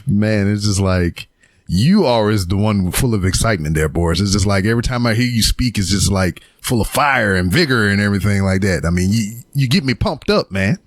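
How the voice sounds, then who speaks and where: A laid-back man hosting a podcast, talking loosely with plenty of fillers. His voice sits a little low. The sound is dry and close. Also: expressive, fairly quick, dry recording. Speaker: host. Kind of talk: casual podcast chat.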